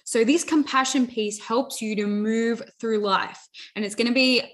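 A woman's voice: a little high, steady tone, unhurried. A young adult woman giving an earnest motivational talk, repeating phrases and often saying "you know" and "like". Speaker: self-help speaker.

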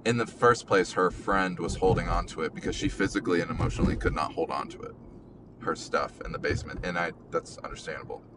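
A young man hosting a casual podcast, talking haltingly with many ums and restarts, in an emotional way, from a car. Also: sits low, fairly even intonation, background noise. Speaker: podcast host.

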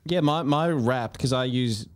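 Laid-back man, mid-pitched. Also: measured pace. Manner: laid-back, short answers. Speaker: podcast co-host. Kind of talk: casual chat.

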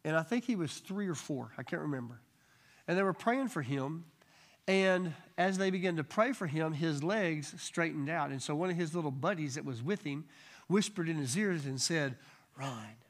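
A man leading a church Bible study, telling testimony stories in a lively way and acting out the people he quotes. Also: a little high, moderate pace. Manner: animated storyteller acting out quoted voices.

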